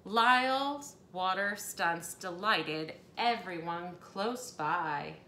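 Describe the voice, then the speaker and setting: A woman reading a children's storybook aloud with expressive, animated delivery and playful asides. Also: fairly low pitch, extremely slow, slight background noise. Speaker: storybook reader. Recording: echoey room, faint ambience.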